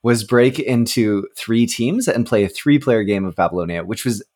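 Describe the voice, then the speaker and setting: A man's voice: mid-range voice, moderate pace, darkish tone. A man co-hosting a podcast who designs games, chatting in an upbeat, enthusiastic way. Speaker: podcast co-host, game designer. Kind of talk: casual podcast chat.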